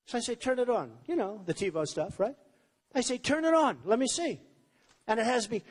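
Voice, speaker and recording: A man's voice: extremely high pitch, big pitch swings, normal speed, big-room sound. A man giving a campaign rally speech, rambling, repetitive and boastful. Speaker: presidential candidate. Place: large rally venue with crowd.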